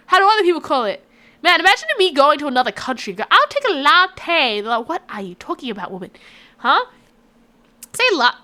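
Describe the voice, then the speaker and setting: Bright, lively Australian woman streamer. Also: high voice. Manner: chatty, rambling, reacting to chat with frequent laughs. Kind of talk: casual live-stream chat with viewers.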